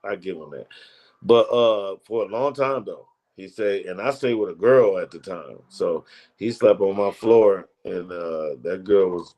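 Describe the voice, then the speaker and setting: Brief: male comedian, lower voice, loose slangy storyteller. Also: a little slow, muffled recording. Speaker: comedian guest. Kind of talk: casual storytelling interview.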